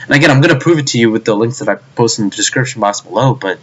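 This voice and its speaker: A young man rants through a video review in a middle-pitched voice. He sounds exasperated and swears freely. He trips over his words and starts his sentences again. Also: animated, racing, fairly bright tone, slight background noise. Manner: exasperated, profane, stumbling restarts. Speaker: anime reviewer.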